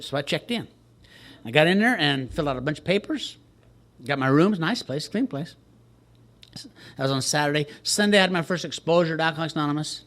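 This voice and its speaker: A man with a slightly higher-than-usual voice tells his recovery story to a group. He jokes at his own expense, and his delivery stays dry and wry. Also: pushed and bright. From Texas, USA. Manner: wry, joking storyteller who laughs at himself. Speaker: recovery speaker at a retreat. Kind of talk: personal recovery story told to a crowd.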